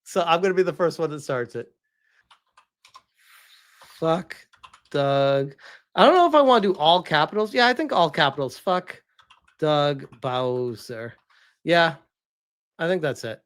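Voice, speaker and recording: An exasperated man tearing into his subject on a live stream, swearing again and again. His pitch leaps and dives as he rants, very animated and full of heat. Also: brisk. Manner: heated, profane, exasperated. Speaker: gaming streamer.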